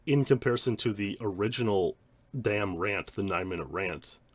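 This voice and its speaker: A man's voice: lowish voice, normal speed, slightly rough, dry recording. A man, a speedrunner, giving rambling, reflective commentary on his own old streams. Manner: rambling, many restarts and "like" fillers.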